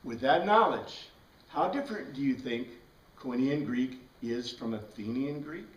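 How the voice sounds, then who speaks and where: A man's voice: mid-range voice, animated, a little slow. A man teaching a Bible class in a casual, conversational lecture style, often checking in with the class by asking "right?". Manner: conversational, asks the class questions, frequent "right?". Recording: echoey room from a distance.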